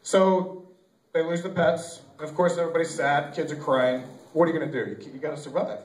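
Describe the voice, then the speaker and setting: A man's voice: on the high side, brisk. A young man doing an amateur stand-up set in a small club, rambling and correcting himself, with lots of fillers, taped from far off while the audience laughs. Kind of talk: stand-up routine at an open mic. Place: small comedy club or bar. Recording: echoey room taped from far off on a camcorder.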